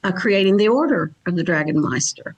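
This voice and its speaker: A woman's voice: on the low side, expressive, brisk, breathy edge. A woman guest from Kentucky chatting casually on a podcast about her events and psychic work.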